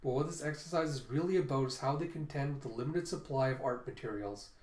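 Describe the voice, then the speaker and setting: A man's voice: medium pitch, darkish tone, lightly acted. A man doing a stern, formal teacher. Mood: lecturing. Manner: formal, measured pronouncements. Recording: roomy echo.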